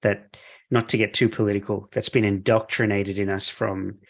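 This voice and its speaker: A man's voice: on the low side, level tone, moderate pace, vocal fry. A middle-aged man hosting a podcast, enthusiastic and encouraging in casual chat. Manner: enthusiastic, encouraging, laughs easily. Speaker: podcast host.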